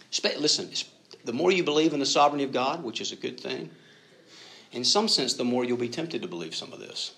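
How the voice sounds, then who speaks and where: A man preaching a sermon, telling stories, acting out the voices he quotes and sometimes dropping to a hush. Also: mid-range voice. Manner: animated storytelling preacher, acts out quoted voices, drops to hushed tones. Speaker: pastor.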